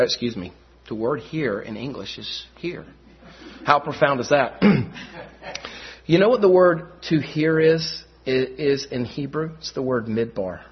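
A middle-aged man preaching a sermon in a chapel, swinging between high, loud, fast outbursts and low, quiet asides. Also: husky. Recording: muffled dull recording.

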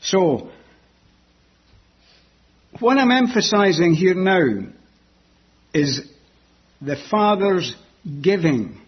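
A man preaching a sermon that explains a Bible passage, deliberate and repeating key words for emphasis. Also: high voice, big pitch swings, husky, muffled recording.

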